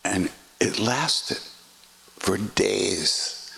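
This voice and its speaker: An older man telling a personal story in an animated way, acting out voices and swearing freely. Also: lowish voice, very slow, creaky. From United States. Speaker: podcast host.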